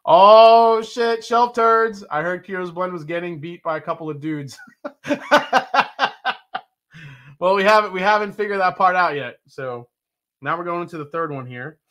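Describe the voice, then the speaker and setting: Hosting a whiskey-tasting livestream, this man speaks a little high at a normal speed, with a pushed, bright sound and long pauses. His style is jokey and profane, and he reads chat comments aloud.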